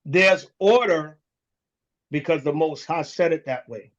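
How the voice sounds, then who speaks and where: Blunt, high-voiced preaching man. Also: a little slow, lo-fi sound. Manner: blunt and profane, with street slang. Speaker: elder teaching a congregation. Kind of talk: preaching lesson.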